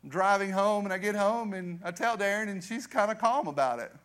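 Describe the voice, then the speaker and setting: A man's voice: a little fast, hardly any pauses. A middle-aged man, a youth pastor giving an earnest testimony in a church. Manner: earnest storytelling, voice drops low and soft for emphasis. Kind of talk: testimony sermon. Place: church sanctuary.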